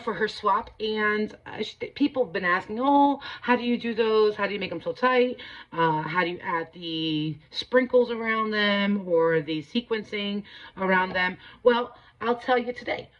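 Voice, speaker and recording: A woman's voice: mid-range voice, lo-fi sound. A woman hosting a casual craft tutorial, chatty and full of ums and likes as she walks through each step.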